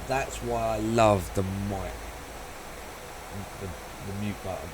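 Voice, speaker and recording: A man's voice: on the low side, takes it slowly, noisy background. A man live-streaming a flight simulator, chatting casually, rambling, swearing and laughing a lot.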